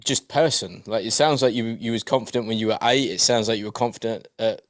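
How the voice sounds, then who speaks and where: A man's voice: on the low side, fast talker. A man hosting a casual podcast who asks loose questions full of banter. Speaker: podcast host.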